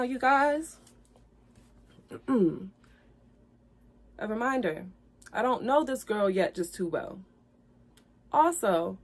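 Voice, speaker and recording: Woman vlogger, emotional storytime: earnest, apologetic, repetitive, building to heated indignation, on the edge of tears. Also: medium pitch. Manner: earnest, apologetic, repeats herself, grows heated. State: tearful at times. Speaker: vlogger telling her side of a breakup.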